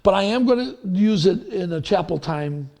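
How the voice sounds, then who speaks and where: A man's voice: high-pitched, animated, normal speed, creaky, a little mellow. A man preaching a sermon as pastor, telling stories in a rambling, anecdotal way with restarts. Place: church sanctuary.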